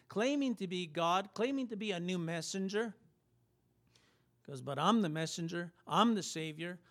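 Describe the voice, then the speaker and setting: A man preaching a sermon, emphatic and repetitive, firing off rhetorical questions to his listeners. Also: high-pitched.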